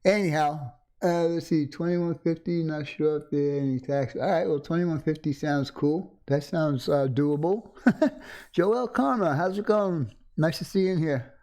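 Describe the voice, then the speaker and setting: Speaking close to a condenser mic at his home desk, a middle-aged man hosts a casual livestream and rambles easily. His voice sits a little high for a man, unhurried and a little mellow, and he greets viewers by name with frequent chuckles.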